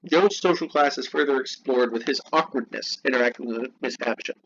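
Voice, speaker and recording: A man talks through lesson notes in an easygoing way, breaking off for offhand asides between the reading. His voice sits at an ordinary middle pitch. The recording sounds dull and lo-fi, with a faint hiss behind it. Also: a little fast, fairly bright tone. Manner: casual, chatty asides. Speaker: teacher. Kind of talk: reading notes and explaining a novel.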